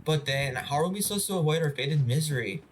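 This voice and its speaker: A man's voice: on the high side, lively intonation, fast, faint music behind, lightly acted. A man reading a desperate cult follower. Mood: pleading. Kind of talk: voiced reading of game dialogue.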